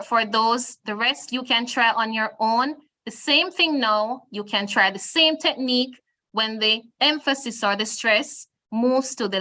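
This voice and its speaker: A woman's voice: fairly high pitch, bright, forceful tone. A woman with a Jamaican accent teaching an online Spanish lesson over a video call, patiently repeating words for her students.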